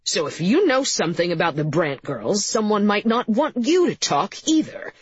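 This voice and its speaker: A woman's voice: medium pitch, very animated, moderate pace, slightly rough, dry recording, pitched above the performer's own voice. A woman voicing a blunt, hard-nosed male investigator pressing for answers. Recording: slightly muffled recording.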